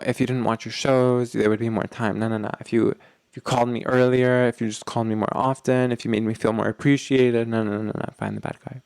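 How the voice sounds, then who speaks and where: A young adult man hosting a podcast, explaining ideas to listeners in an animated way and acting out quoted arguments with loose filler words. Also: mid-range voice, gravelly, no echo. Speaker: podcast host.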